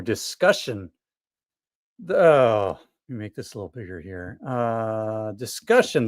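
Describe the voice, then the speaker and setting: A man's voice: lowish voice, animated, measured pace, no echo, clean studio sound. A man co-hosting a casual commentary, reading court documents aloud with wry interjections. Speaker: co-host.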